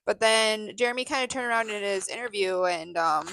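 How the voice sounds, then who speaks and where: A woman's voice: medium pitch, brisk, vocal fry, fairly bright tone. Chatty woman podcast co-host. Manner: chatty, reads from her notes, laughs easily. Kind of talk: casual chat recapping a reality show.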